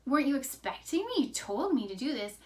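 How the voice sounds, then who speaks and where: A woman's voice: high voice, big pitch swings, fairly quick, voice pushed up. A woman voicing a grown son who pleads in a raised, heartbroken voice. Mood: pleading.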